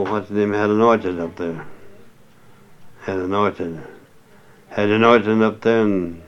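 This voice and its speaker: A low-pitched older man spins a rambling, salty yarn with folksy chuckles. His voice sounds smooth and resonant, though the recording is muffled and lo-fi. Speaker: interviewee. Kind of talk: rambling oral-history storytelling.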